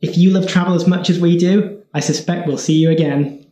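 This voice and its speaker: A man's voice: fairly high pitch, fairly even intonation, fairly quick, mellow, roomy sound. A man signing off a family travel vlog in a friendly way. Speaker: travel vlogger. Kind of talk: vlog sign-off.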